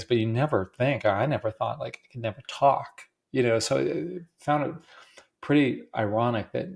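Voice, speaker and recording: A man hosting a podcast, talking in a halting way with many restarts and deep breaths, his voice cracking at times and emotional. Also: vocal fry, darkish tone. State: emotional, close to tears. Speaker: podcast host. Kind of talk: personal monologue.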